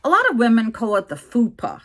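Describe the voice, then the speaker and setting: Talking candidly to her viewers, this sixties-aged vlogger tells a personal story loaded with fillers and side comments. She speaks fairly quickly in a fairly high voice with huge swings in pitch.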